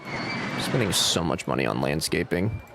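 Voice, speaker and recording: A man's voice: a bass voice, moderate pace, gravelly, background noise. A man streaming a game live, chatting casually, joking around and reading out chat messages. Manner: jokey, animated, reads chat aloud.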